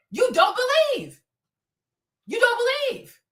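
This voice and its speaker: Woman livestreamer, very high bright voice, emphatic and repetitive, roomy sound from a distance. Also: animated, normal speed. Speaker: livestream host. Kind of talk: preachy casual livestream talk.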